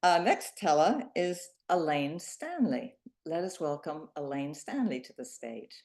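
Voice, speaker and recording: A woman host on a video call, thanking a teller and introducing the next in a casual, appreciative way. Her voice is low for a woman. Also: lively intonation, a little slow, a little mellow. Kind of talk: casual hosting.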